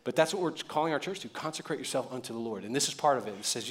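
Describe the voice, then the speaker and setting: A man's voice: medium pitch, racing, hardly any pauses. A man preaching a sermon as pastor, talking in a conversational way with joking asides and building to emphatic points.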